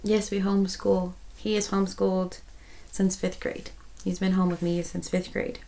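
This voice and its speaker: A woman's voice: medium pitch, little pitch movement, moderate pace, creaky, dark tone, poor audio. A woman, chatting casually as a crochet vlogger, rambling with many restarts and turning emotional. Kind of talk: casual chat.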